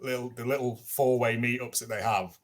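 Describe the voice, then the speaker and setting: A man's voice: mid-range voice, fairly even intonation, a little fast. A man co-hosting a casual podcast chat, talking easily and often laughing as he speaks. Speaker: podcast co-host.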